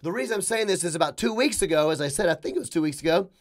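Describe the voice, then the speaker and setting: High-voiced emphatic male podcast host. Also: animated. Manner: emphatic, rapid asides and mocking quoted voices. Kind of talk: opinionated monologue.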